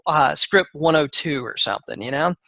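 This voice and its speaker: A man's voice: on the high side, animated, moderate pace, gravelly, bright, forceful tone, no room sound, poor audio. A man with a Southern accent coaching real estate agents on a group call, rambling and conversational with lots of fillers.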